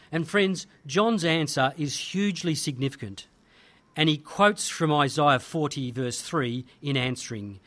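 A man's voice: on the high side, measured pace, fairly bright tone. An Australian man preaching a sermon, emphatic, with building rhetorical repetition.

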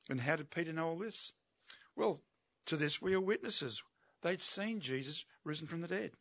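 A man's voice: on the high side, expressive, moderate pace, a bit bright, breathy edge, no echo. A man preaching an expository sermon, emphatic and asking his listeners rhetorical questions.

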